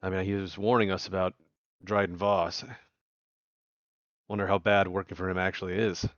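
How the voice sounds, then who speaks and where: A man's voice: sits low, little pitch movement, moderate pace, a bit bright, no room sound, highs cut off. A man voicing an unsettled male crew member who speaks hesitantly and searches for his words. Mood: uneasy.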